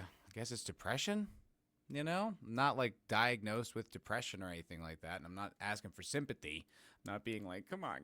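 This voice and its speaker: A man's voice: lowish voice, fairly bright tone, smooth, no echo, clean studio sound. A man hosting his podcast as a casual live-stream chat, rambling and joking and greeting chat viewers by name. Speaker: podcast host.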